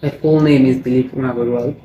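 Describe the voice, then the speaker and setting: A young man with a Bangladeshi accent answering a mock speaking exam, halting and often restarting his phrases. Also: medium pitch, steady tone, dull audio. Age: young adult. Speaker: test candidate. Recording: echoey room with faint noise.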